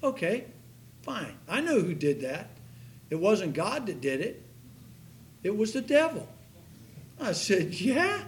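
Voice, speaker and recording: A man preaching a sermon to his congregation, telling a story with animated delivery that rises to near-shouts. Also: sits high, slow pace, long pauses, a little hiss or hum. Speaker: pastor. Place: church sanctuary.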